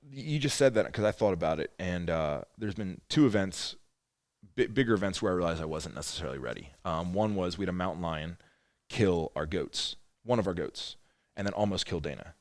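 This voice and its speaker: Podcast host, male, slightly deep, animated storyteller who swears, dry studio mic. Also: a little fast, no room sound. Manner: animated storyteller, gets loud acting out quotes; swears freely. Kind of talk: casual conversational storytelling.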